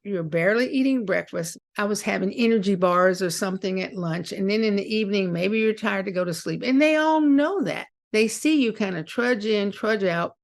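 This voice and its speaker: A woman's voice: mid-range voice, creaky. A middle-aged woman, a guest on an interview show, telling stories animatedly and acting out the voices of the people in them. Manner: animated storyteller acting out quoted dialogue. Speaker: guest, author. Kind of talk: storytelling interview.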